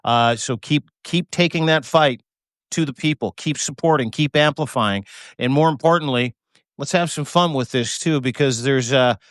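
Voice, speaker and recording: Male co-host, emphatic and choked up, swears for emphasis, close dry mic, mid-pitched voice. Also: normal speed, a bit bright, no echo. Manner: fervent, emphatic, swears, repeats words. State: choked up with emotion. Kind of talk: passionate live-stream chat. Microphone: remote video call.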